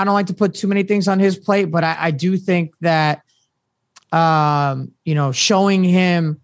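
Halting, rambling guest with a dry voice. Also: male voice, a little high, dry recording. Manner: halting, full of fillers and restarts. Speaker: podcast guest. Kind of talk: casual chat.

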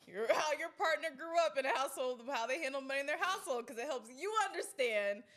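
A woman's voice: high voice, lively intonation, fast talker, a bit bright. A young woman co-hosting a casual podcast, talking loosely with lots of fillers and frequent giggles. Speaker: podcast co-host. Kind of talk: casual chat.

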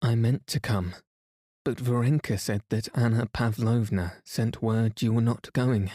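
A man voicing an earnest young noblewoman in an audiobook, speaking briskly. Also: medium pitch, fairly even intonation, mellow, no room sound, clean studio sound, natural voice.

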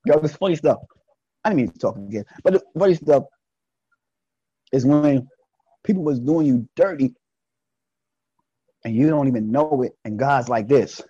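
A man guesting on a podcast, talking in an animated, preachy way and acting out voices in his stories. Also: mid-range voice, normal speed, long pauses, slightly rough, no echo, highs cut off. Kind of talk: casual podcast conversation.

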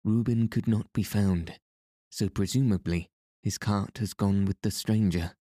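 A man's voice: fairly low pitch, a little slow, warm tone, no room sound, studio quality. A man reading the part of a dutiful subordinate reporting to his superior. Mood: deferential.

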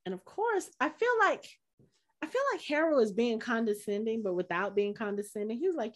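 A woman's voice: sits high, moderate pace, long pauses. A woman co-hosting a podcast, recapping an episode in casual chat and acting out the characters' lines. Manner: animated, acts out character quotes. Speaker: podcast co-host.

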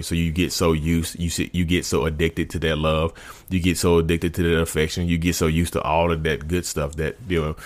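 Deep-voiced man talking casually to viewers. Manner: informal, restarts and repeats phrases, addresses viewers as y'all. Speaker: vlogger speaking about narcissism. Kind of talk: casual direct-to-camera talk.

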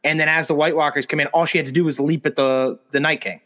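Fairly high-voiced man explaining emphatically. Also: steady tone, quick pace, pushed and bright. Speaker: podcast co-host. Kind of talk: casual chat about a TV episode.

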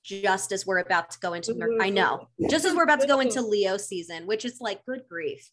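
A woman co-hosting a casual astrology chat, animated and playful, laughing often as she explains things. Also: medium pitch, brisk. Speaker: astrology podcast co-host.

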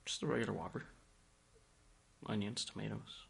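A young man co-hosting a podcast, talking casually in a crude, animated, mock-accusing way. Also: lowish voice, moderate pace, gravelly, breathy edge. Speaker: podcast co-host. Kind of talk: casual chat.

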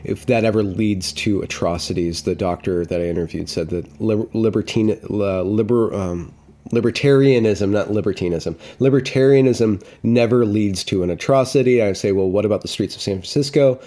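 Guy with a low mellow voice joking around at a kitchen table. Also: normal speed. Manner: playful, joking, trails off and restarts. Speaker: guest. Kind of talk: casual livestream chat.

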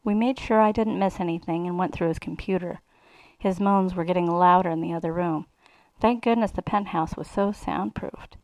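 Gravelly woman reading an erotic story. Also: fairly low pitch, normal speed, darkish tone, no echo, rough recording. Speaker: reader.

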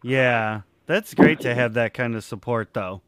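A man hosting an interview, easygoing, who answers with brief replies and asks relaxed questions. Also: medium pitch, smooth. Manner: easygoing, quick short replies. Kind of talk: casual interview.

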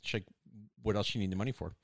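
A man's voice: lowish voice, racing, vocal fry, no echo, clean studio sound. A man doing a rambling laid-back movie star. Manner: meandering, surfer-like drawl.

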